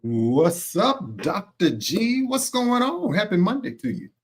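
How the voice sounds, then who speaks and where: A man hosts a casual radio chat, his pitch bouncing lively and a little high for a man. He talks loosely and leans on "you know" between thoughts. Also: slow, breathy edge. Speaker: radio show host.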